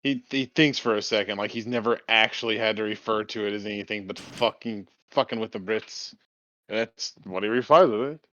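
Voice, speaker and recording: A man's voice: on the low side, fairly quick, hardly any pauses, fairly bright tone, no room sound. A man playing a tabletop game, talking casually and profanely. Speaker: player. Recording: dull lo-fi mic with faint noise.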